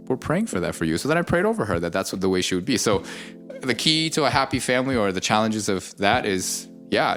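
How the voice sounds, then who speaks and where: A middle-aged man with a very low voice, a pastor chatting casually on a podcast. He talks in a reflective, storytelling way, pausing on fillers as he thinks. Faint music sits underneath.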